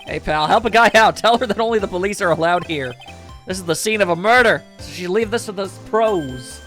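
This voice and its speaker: A man's voice: sits high, lively intonation, a little fast, a bit bright, faint music behind. A man doing a blustery, bumbling cop. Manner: blustery, says "pal" a lot. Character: gruff, clumsy male police detective.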